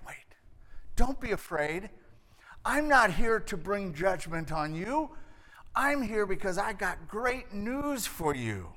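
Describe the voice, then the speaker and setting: A male pastor delivers a dramatic, storytelling sermon in a slow, measured pace. His voice sits high, and it rings out with a long reverb from the hall he is preaching in. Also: fairly bright tone. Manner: dramatic storytelling, acting out the angel and reading scripture with rising force.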